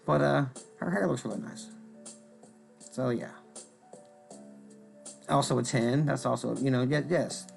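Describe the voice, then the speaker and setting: A man's voice: mid-range voice, measured pace, gravelly, long pauses, faint music behind. A man hosting a card-selling stream, rambling and joking as he shows cards and greets viewers by name. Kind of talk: casual rambling chat while showing cards.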